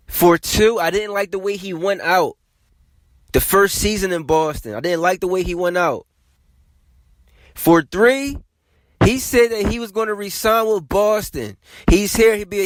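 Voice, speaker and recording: A man hosting a sports podcast, talking in a casual, animated and emphatic way, often repeating himself. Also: high voice, no echo. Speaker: podcast host.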